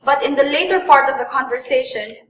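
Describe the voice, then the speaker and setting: A woman English test tutor with a high, fairly bright voice speaks fairly quickly in a classroom lesson. She patiently repeats and stresses words for learners, her voice distant in an echoey room.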